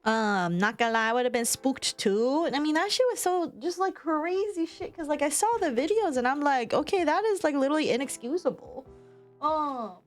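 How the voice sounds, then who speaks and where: A woman's voice: sits high, expressive, normal speed, soft background music. A young woman streaming casual chat from home, rambling, laughing often and swearing. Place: home room.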